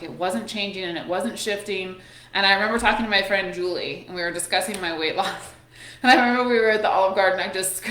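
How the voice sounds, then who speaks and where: A woman's voice: mid-range voice, fairly bright tone. A woman in her thirties talks candidly in a casual motivational chat. She swears freely and laughs often. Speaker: host. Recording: echoey room.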